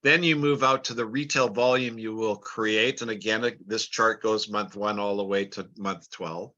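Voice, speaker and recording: A man's voice: lowish voice, steady tone, moderate pace, pushed and bright, lo-fi sound. A man explaining a business plan chart step by step, plain and repetitive, often restarting words. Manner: plain, repeats words, talks through numbers step by step. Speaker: business trainer.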